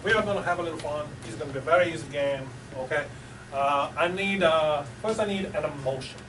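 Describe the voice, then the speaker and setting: A fairly high-voiced man hosts a live improv show on a small theater stage, chatty and coaxing. He is picked up from a distance in a roomy hall, with clear background noise and room ambience. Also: quick pace. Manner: chatty, coaxing, laughs often.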